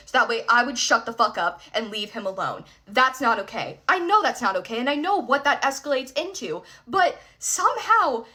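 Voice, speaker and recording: A woman's voice: fairly high pitch, bright, forceful tone. A young woman telling a personal story straight to the viewer, candid and frank, with plenty of swearing. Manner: candid, frank and profane, addressing the viewer directly. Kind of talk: casual storytime monologue.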